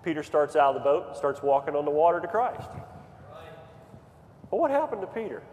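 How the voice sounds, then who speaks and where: A man preaching a sermon in a church, moving from quiet storytelling to fervent, near-shouted appeals. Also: fairly high pitch, sing-song, fairly quick, slight background noise. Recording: long hall reverb, faint ambience.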